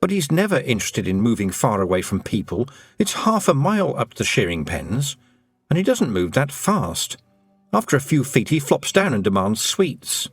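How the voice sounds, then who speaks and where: A man's voice: mid-range voice, sing-song, normal speed, slightly rough, no echo. A man voicing a sensible, nervous young farm girl who speaks earnestly.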